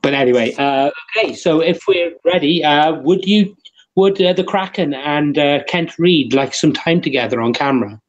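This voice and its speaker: A game master runs a tabletop session, chatting with his players and frequently stopping on "uh" before starting his sentences over. His voice sits a little high, and the recording sounds muffled.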